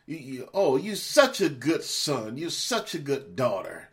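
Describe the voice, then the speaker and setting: A man's voice: mid-range voice, sing-song, unhurried. A man hosting a podcast, ranting angrily and profanely at his listeners, scolding them and repeating words as he gets worked up. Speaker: podcast host. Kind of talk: angry monologue rant.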